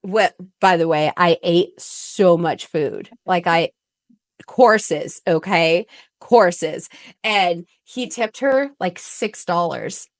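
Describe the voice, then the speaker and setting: A woman guest on a podcast, a relationship coach, telling stories in a blunt, profane and animated way. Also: lowish voice, slow pace, dry recording, clean studio sound. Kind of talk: casual podcast storytelling.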